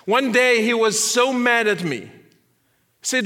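A man giving an earnest testimony as a guest speaker, repeating phrases and at times dropping to a quiet, soft voice. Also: extremely high pitch, unhurried, long pauses. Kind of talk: testimony sermon.

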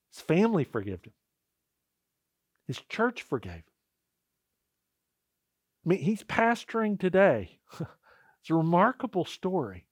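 A man preaching a sermon and telling a story dramatically, dropping to a hush and rising to loud cries. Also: on the high side, no room sound. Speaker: pastor.

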